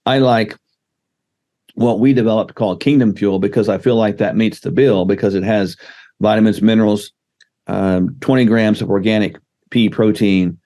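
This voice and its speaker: A man's voice: fairly low pitch, steady tone, normal speed, mellow. A man speaking as a podcast guest, laying out numbered health advice in an emphatic coaching tone. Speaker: guest doctor. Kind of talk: casual podcast interview.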